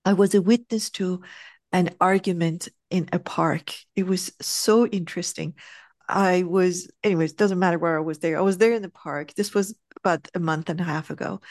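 Woman, spiritual coach, easygoing chat, slows to stress points, dry close sound. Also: lowish voice, no room sound. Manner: animated storyteller, acts out quotes. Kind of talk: casual spiritual conversation.

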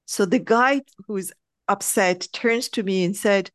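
A woman's voice: medium pitch, no room sound. Woman coaching on spiritual stuff, chatty, acts out stories, dry sound. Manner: animated storyteller, acts out quotes; slows down to stress points. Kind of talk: casual spiritual conversation.

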